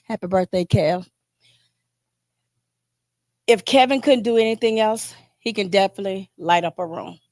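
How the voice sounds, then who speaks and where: A woman, an aunt, giving a heartfelt, informal tribute at a memorial with pauses and restarts. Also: mid-range voice, darkish tone, no echo, clean studio sound. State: choked up, near tears. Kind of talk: emotional memorial speech.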